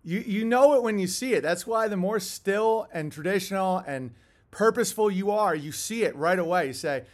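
Rambling, high-voiced male host. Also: lively intonation, moderate pace. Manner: rambling, tangential, chuckling asides. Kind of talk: casual monologue with storytelling.

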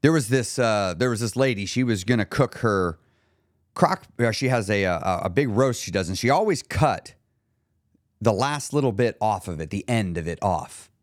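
A man's voice: lowish voice, moderate pace, dry recording, studio quality. A man hosting a podcast as a weight loss coach, talking straight to his listeners and acting out the people in his stories. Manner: animated storytelling, acts out quoted characters. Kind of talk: podcast monologue.

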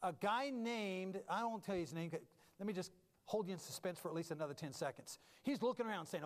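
A man preaching a humorous sermon as a pastor, animated and self-mocking, moving from loud bursts to low asides. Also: brisk, long reverb tail.

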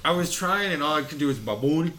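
A man's voice: quick pace, over a noisy crowd. A man co-hosting a comedy podcast, tossing out ideas for bits in casual banter. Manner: lively, pitches bits and ideas.

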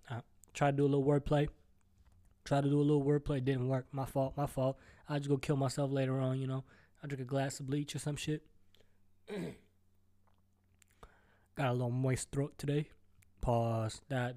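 Man, podcast host, solo rant, mellow voice, profane, stuttering, rambling, recording at home. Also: medium pitch. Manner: rambling, profane, jumps between topics; stutters and restarts.

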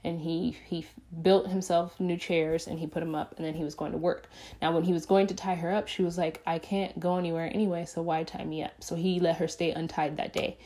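A woman's voice: lowish voice, little pitch movement, a little fast, mellow. A woman casually retelling a movie plot, chatting with lots of fillers and acting out the characters' quotes. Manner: chatty storytelling with acted-out quotes and frequent fillers. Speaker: movie reviewer. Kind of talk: casual film recap.

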